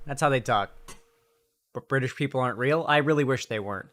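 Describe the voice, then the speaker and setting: A man's voice: medium pitch, a little fast, a bit bright. A young man live streaming late at night, bantering with chat in a profane, sarcastic, joking way from a room at home.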